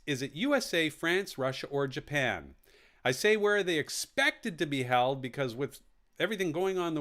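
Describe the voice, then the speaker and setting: A man's voice: fairly high pitch, a bit bright. A man hosting a live online quiz, reading out questions and answer options and repeating them with jokey asides. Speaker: quiz host.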